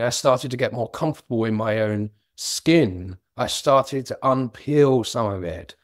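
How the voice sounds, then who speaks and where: An earnest, middle-aged Englishman from London, with a slightly Cockney accent and medium pitch, gives candid interview answers as an author and business guest. He is reflective and occasionally laughs, amused at himself. The sound is dry and close, with no room sound.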